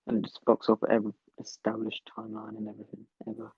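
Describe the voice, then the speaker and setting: A man's voice: on the low side, very animated, fast, gravelly, a little mellow, slightly rough, dry recording, lo-fi sound. A man co-hosting a podcast, chatting casually, swearing freely and laughing at his own jokes. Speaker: podcast co-host. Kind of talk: casual chat.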